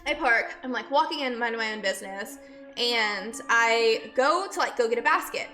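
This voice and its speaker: A sick, breathless woman talks casually to her live chat in a bright, fairly high voice, stopping mid-story to greet viewers by name. Faint music plays behind her. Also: animated, moderate pace. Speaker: streamer and nurse.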